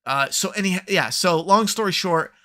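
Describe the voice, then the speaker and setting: A man's voice: sits high, normal speed, sharp tone. A man hosting a podcast, giving a profane, sarcastic TV review rant. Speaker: podcast host. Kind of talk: ranting TV review.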